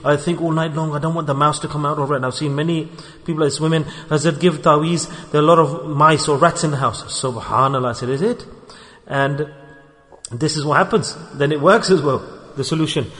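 A man with a fairly high voice gives a sermon in a mosque, telling everyday stories and acting out the voices of the people in them. His voice rings with a long reverb from the hall. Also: fairly even intonation, fairly quick, fairly bright tone. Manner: storytelling, acts out quoted voices. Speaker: religious teacher. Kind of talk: sermon with acted examples.

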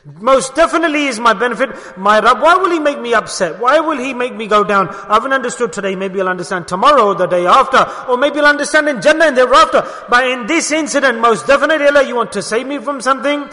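A preacher with a very high, bright voice delivers his sermon at a quick, animated pace, the long reverb of a big hall echoing around him. Emphatic rhetorical questions alternate with frequent drops into quiet, low murmuring.

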